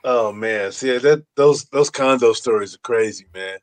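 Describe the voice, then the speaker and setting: A man's voice: mid-range voice, measured pace. Laid-back male talk show host. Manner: loose, laughing storyteller who acts out quotes. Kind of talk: casual chat.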